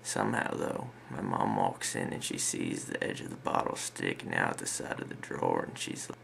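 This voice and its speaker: A young man telling comic stories about his parents in a deadpan, laid-back, crude way. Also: rumbling low, normal speed, slight background noise. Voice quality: gravelly. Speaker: comedy vlogger. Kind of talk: comedic storytelling.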